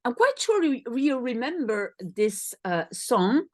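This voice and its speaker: Slow, lively woman teaching a lesson. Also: on the high side, dry recording, studio quality. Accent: Belgian Dutch. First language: Dutch. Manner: slow, carefully spaced explanations with example phrases repeated. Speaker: language teacher. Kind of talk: recorded language lesson.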